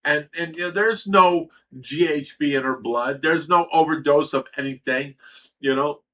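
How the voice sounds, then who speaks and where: A middle-aged man from Ohio, USA, hosts a livestream and tells a relaxed story at a moderate pace. His voice is a little high, bright and forceful, and he swears freely while stammering over repeated words.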